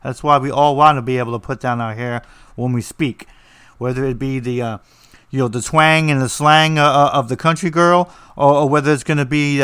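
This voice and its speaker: A man's voice: medium pitch, a bit bright, smooth, dry recording. A man with a New Jersey accent, teaching about writing in a blunt, rambling, joking way with lots of fillers. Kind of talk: casual monologue.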